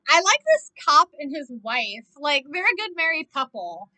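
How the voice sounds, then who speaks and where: A young woman talks her way through a movie in an easy, chatty reaction style. Her voice sits high and bounces up and down. She breaks into quick exclamations, and the recording is dry with no room sound. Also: very animated, pushed and bright, dry recording. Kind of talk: casual movie reaction commentary.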